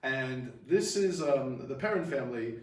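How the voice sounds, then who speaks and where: A man's voice: medium pitch, lively intonation, measured pace, distant mic. Upbeat guy hosting a wine show, mid voice, a ways off the mic in a roomy room. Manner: upbeat, leads the tasting and segues. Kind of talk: casual wine tasting chat.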